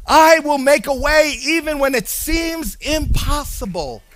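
A male preacher voicing God as a calm, fatherly, reassuring figure within a sermon. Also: very high voice, unhurried, no room sound, voice pushed up, exaggerated voice.

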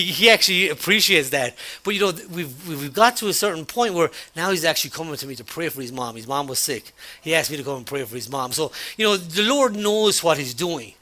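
A man preaching a sermon, talking conversationally through a personal story, with frequent restarts and an animated retelling of dialogue. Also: fairly high pitch, fast, hardly any pauses. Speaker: pastor.

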